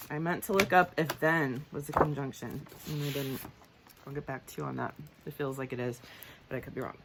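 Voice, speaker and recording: A woman with a low-pitched voice teaches a homeschool grammar lesson. She talks in a chatty, upbeat way, stopping to correct herself mid-sentence. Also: steady tone, fairly quick, fairly bright tone, slightly rough, low-quality recording. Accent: Southern American. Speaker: homeschool tutor. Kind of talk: recorded grammar lesson with scripture reading.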